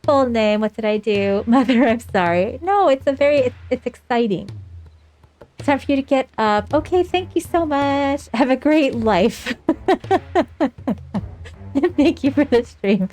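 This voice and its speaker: A woman's voice: high-pitched, unhurried, pauses often, a little mellow. A young woman streaming a game live, chatting casually, sarcastic and swearing freely.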